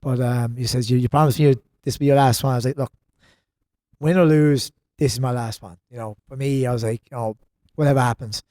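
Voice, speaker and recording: A man's voice: mid-range voice, steady tone, fairly quick, a little mellow, no room sound, studio quality. An Irish man in his thirties, a gym co-owner chatting as a podcast guest, telling rambling stories. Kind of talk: casual podcast chat.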